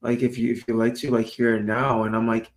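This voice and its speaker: A man hosting a small podcast at an everyday middle pitch. He retells a story in an excited, eager way. He keeps restarting his sentences as the words tumble out. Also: fairly quick. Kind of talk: casual podcast chat.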